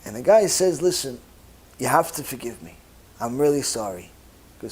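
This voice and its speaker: A rabbi giving a Torah lecture, telling a story as an animated storyteller who acts out each character's lines. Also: male voice, mid-range voice, normal speed, long pauses.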